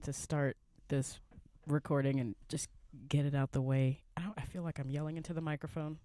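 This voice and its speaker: A woman's voice: deep voice, level tone, brisk, few pauses, mellow, dry recording. A young woman hosting her own podcast in a rambling, chatty way, with a groggy morning voice. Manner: rambling, chatty, laughs easily. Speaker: podcast host. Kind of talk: casual solo podcast chat. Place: van.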